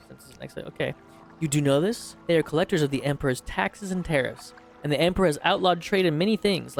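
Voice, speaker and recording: A young man with a fairly high voice chats casually through a let's play, teasing the characters and reading their dialogue aloud. Faint game music runs underneath. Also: vocal fry. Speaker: gaming host.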